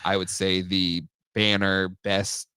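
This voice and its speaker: A man with a lowish voice hosts a relaxed chat show and talks with eager enthusiasm, often restarting his sentences. The sound is close and dry, with no room echo. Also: slow pace, clear, resonant tone. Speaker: podcast host. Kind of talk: casual chat.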